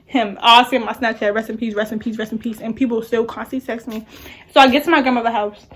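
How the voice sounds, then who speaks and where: A young woman vlogger rambles through a casual storytime, emotional and repeating herself often, speaking close to the camera mic. Her husky voice sits a little higher than most. She talks fast with fairly even intonation.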